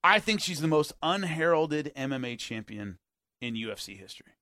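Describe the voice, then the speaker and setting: A man hosting a sports talk radio show, ranting in an animated and exasperated way. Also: fairly high pitch, normal speed, no echo, studio quality.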